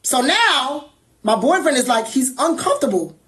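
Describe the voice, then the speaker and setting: A woman tells a personal story in casual conversation, animated and irritated, acting out the other people involved. Her voice sits high and she speaks at a normal speed.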